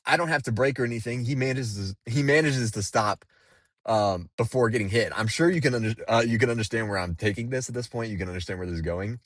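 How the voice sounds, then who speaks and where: A man's voice: mid-range voice, quick pace, no echo, studio quality. A man telling a story to the camera in a casual, rambling way, swearing freely and using lots of fillers. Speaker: delivery driver.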